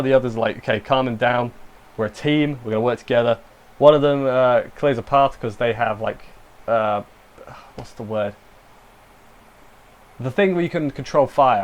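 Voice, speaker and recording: A young man casually recapping and reviewing an anime episode, rambling with self-deprecating asides and lots of fillers. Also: mid-range voice.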